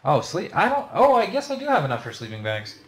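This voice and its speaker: A man's voice: high voice, wildly swooping pitch, quick pace, slight background noise. A man chatting casually while playing a co-op game, laid-back but given to sudden swearing outbursts. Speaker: gamer. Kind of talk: casual co-op gameplay chat.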